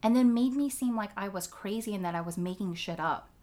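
A woman talks in a relaxed, candid chat, telling a personal story. She swears freely and leans on "like" as a filler throughout. Her voice sits at a middling pitch. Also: a little fast. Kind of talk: casual chat.

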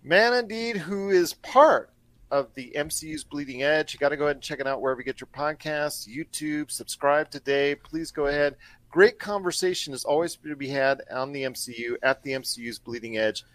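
Guy hosting a pop culture show, kinda high voice, upbeat promo energy, dry mic. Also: fairly quick, a bit bright, no room sound. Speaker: podcast host. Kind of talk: radio show hosting and casual chat.

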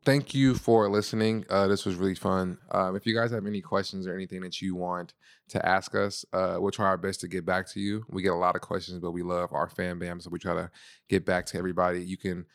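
A young man co-hosting a casual couple podcast, slangy and animated, full of "bro" and "you know what I'm saying". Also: low voice, brisk, vocal fry, no room sound, clean studio sound. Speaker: podcast co-host.

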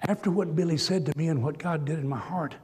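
A man's voice: fairly high pitch, fast talker, darkish tone, husky. A man preaching a sermon, telling stories and building to emphatic exhortation. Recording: long hall reverb.

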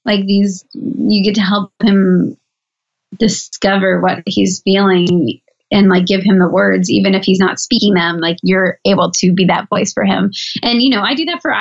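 A woman talking earnestly about motherhood in a casual podcast conversation, her voice edged with gravelly vocal fry. She drifts through loose, filler-heavy sentences. The recording sounds dull and lo-fi. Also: medium pitch, fairly even intonation, moderate pace. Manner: chatty, earnest, many "like" fillers.

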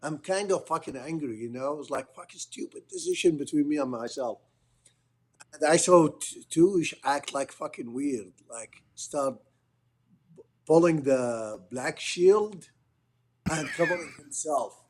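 A man's voice: on the high side, lively intonation, unhurried, a little mellow. Blunt profane man, English. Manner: blunt, profane, non-native grammar. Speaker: former military interpreter, guest. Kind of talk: casual storytelling.

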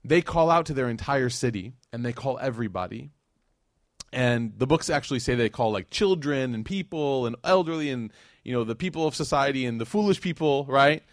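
A man tells a religious story in a relaxed, conversational lecture, breaking off for slangy, animated asides. His voice sits at an ordinary middle pitch. It is recorded dry and close, with no room echo. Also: fairly quick. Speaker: Islamic lecturer.

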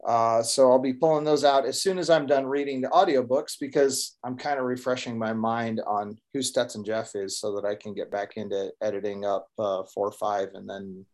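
A man's voice: medium pitch, fairly even intonation, moderate pace, few pauses, darkish tone. A man co-hosting a podcast, chatting casually and rambling a little with fillers. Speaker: podcast co-host and author. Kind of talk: casual chat.

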